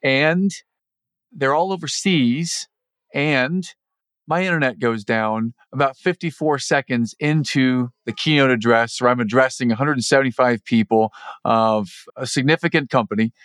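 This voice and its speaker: A man hosting a podcast, giving measured, reflective coaching advice in an earnest tone. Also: mid-range voice, fairly bright tone, dry recording. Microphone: podcast microphone over the internet.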